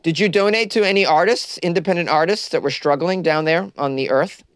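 A man's voice: a little high, brisk, no echo, studio quality, pitched above the performer's own voice, lightly acted. A man doing a mock-formal heavenly gatekeeper. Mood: questioning. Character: stern heavenly gatekeeper questioning new arrivals.

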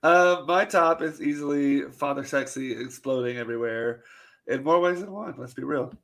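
A man's voice: medium pitch, normal speed, fairly bright tone. A man co-hosting a casual podcast, enthusiastic and laughing as he quotes lines. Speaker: podcast co-host.

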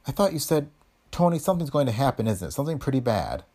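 A man's voice: mid-range voice, very animated, fast, a little mellow, voice pushed up. A man voicing a frightened, plucky young woman in an audiobook reading, anxious and breathless. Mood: fearful. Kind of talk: audiobook character voice.

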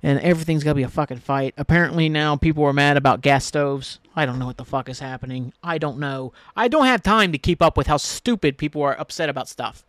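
Guy rambling on his podcast, swears a lot, bit high voice, dry close sound. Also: quick pace, few pauses, fairly bright tone, no echo. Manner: rambling and ranty, swears freely. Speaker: podcast host. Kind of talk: casual solo podcast talk.

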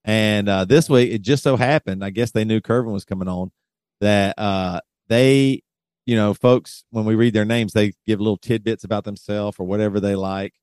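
A man's voice: lowish voice, steady tone, normal speed, darkish tone, smooth, dry recording, clean studio sound. A man hosting a podcast in casual chat, loose and jokey, often breaking into laughter. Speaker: podcast host.

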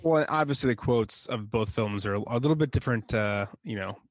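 A man's voice: mid-range voice, brisk, no room sound. Chuckling man in casual chat. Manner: chuckles often while recalling scenes.

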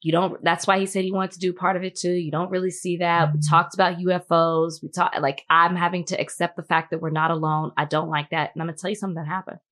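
A woman's voice: fairly low pitch, flat delivery, fast, few pauses, a bit bright. A woman co-hosting a podcast in casual chat, talking in a chatty way with many fillers. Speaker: podcast co-host and entertainment interviewer.

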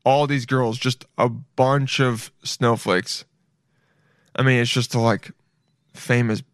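A man's voice: medium pitch, fairly even intonation, slow, pauses often, no room sound, studio quality. A man hosting a podcast, riffing in casual comedic commentary, rambling, swearing and calling the listeners "dude". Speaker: podcast host.

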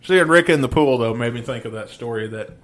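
A man's voice: mid-range voice, a little fast, fairly bright tone. A man co-hosting a podcast, telling stories in casual chat, swearing and laughing often while chewing gum. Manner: profane, laughing storyteller. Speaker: podcast co-host.

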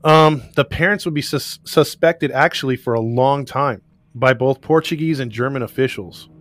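A man's voice: mid-range voice, normal speed, fairly bright tone, no echo. A man co-hosting a casual chat, recounting a case in a rambling way with restarts and laughs. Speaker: podcast co-host recounting a case.

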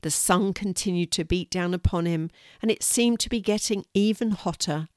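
An older woman reading a children's story aloud in a clear, measured storytelling voice. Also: on the low side, darkish tone, no room sound, studio quality.

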